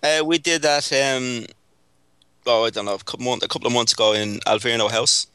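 A man from Ireland with a Dublin accent, calling in as a guest investigator. His voice is bright and crisp, and the sound is dry and close. He answers with low-key, wry humor. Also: fairly even intonation, brisk, dry recording. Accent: Irish, Dublin. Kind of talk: casual chat over a call.

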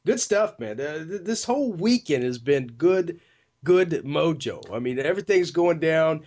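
Lively, enthusiastic man on talk radio. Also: a little high, normal speed. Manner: enthusiastic, effusive, says "man" a lot. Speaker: paranormal radio co-host. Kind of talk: casual radio chat.

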